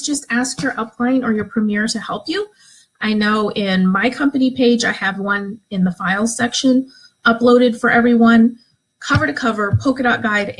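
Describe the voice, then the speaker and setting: Upbeat encouraging woman, slightly husky. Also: a little high, rough recording. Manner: upbeat, encouraging, acts out excited examples. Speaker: direct sales team leader. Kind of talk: live video training talk. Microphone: phone or webcam, live stream.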